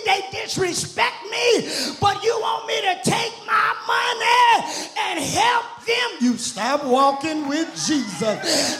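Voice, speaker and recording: A woman's voice: extremely high pitch, pushed and bright. Woman preacher hollering in a roomy church. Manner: impassioned, hollering, exclaims "God have mercy" repeatedly. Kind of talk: sermon. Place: church sanctuary. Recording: roomy church with faint music.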